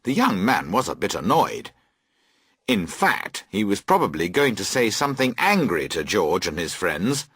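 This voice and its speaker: A man reading a classic story aloud for language learners, slow, clear and very expressive. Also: low-pitched, dry recording. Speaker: audiobook reader. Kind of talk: scripted storybook narration for learners.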